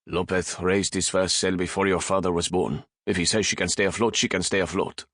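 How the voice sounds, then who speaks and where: A man's voice: deep voice, fairly even intonation, brisk, fairly bright tone, no echo, studio quality. A man voicing a proud, fierce sea captain in an audiobook, barking orders. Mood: gruff. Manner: commanding, roaring orders.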